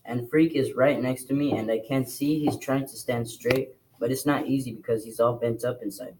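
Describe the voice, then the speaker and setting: A man with a mid-pitched voice reads a novel aloud for a class. He narrates in a steady, plain manner, without flourishes. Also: moderate pace, noisy background. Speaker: reader.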